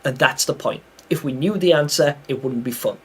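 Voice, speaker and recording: Chatty young British streamer, slightly high voice, laughs a lot while reading chat. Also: male voice, a little fast, breathy edge. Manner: chatty, reads chat aloud, laughs often. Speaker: live game streamer. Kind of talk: casual live-stream chat while gaming.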